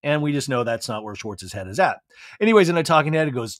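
A male podcast host giving a casual recap, animated and acting out quotes in put-on voices. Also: on the high side, fast, no echo, clean studio sound.

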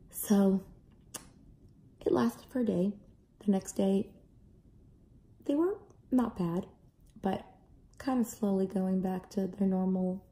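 Young mom vlogging, gravelly low dark voice, tells it lively. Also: female voice. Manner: animated, acts out kids' and own voices. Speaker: parent vlogger. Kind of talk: casual storytelling to camera.

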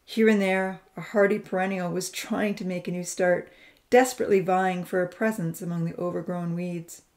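A woman narrating a Christian novel in a measured, expressive reading voice. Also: fairly low pitch. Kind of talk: scripted audiobook narration.

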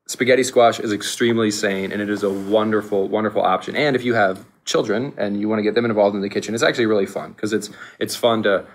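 A man co-hosting a casual podcast, animated, laughing often and restarting his sentences. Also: lowish voice, fast, few pauses. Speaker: podcast co-host.

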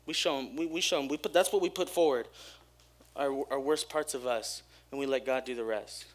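A young man giving a casual, energetic sermon at a church service, joking with the crowd and talking openly about himself. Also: medium pitch, fairly quick. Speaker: church speaker.

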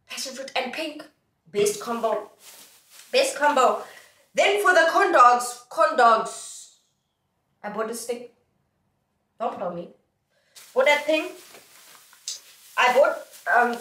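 A young South African woman records a casual haul vlog, playful and sing-song as she addresses her viewers. Her high voice sounds pushed and bright, captured a little off mic from a distance in an echoey room.

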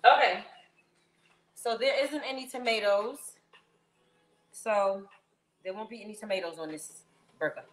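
A woman's voice: mid-range voice, a little slow, long pauses, echoey room, a little hiss or hum, poor audio. A woman chatting playfully with viewers as she cooks in someone else's kitchen. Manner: playful, sing-song, talks to viewers as y'all. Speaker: cooking vlogger. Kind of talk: casual cooking vlog chat.

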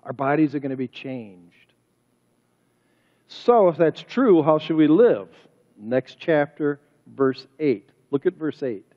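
A male pastor preaches a sermon in a fairly high voice, pressing his points with rhetorical questions. His words ring with a long reverb through the church sanctuary. The recording sounds dull and lo-fi. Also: lively intonation, slow pace, mellow.

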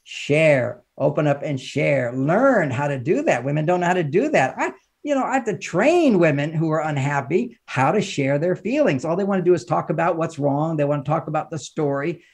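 A relationship author and counselor appears as a podcast guest, giving advice and explaining in an emphatic, teacherly manner while frequently laughing mid-sentence. His voice is a little high, animated, and moderately paced.

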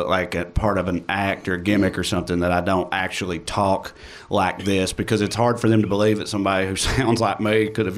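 A man with a Tennessee accent, a comedian guest chatting in a laid-back, amused way. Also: on the low side. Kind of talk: casual interview chat.

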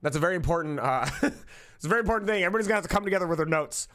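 A young man streaming live, chatting casually and loudly with lots of swearing, jumping between shouts and mutters. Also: high-pitched, lively intonation, racing. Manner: loud, profane, jokey, swings between shouts and mutters. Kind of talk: casual livestream chat.

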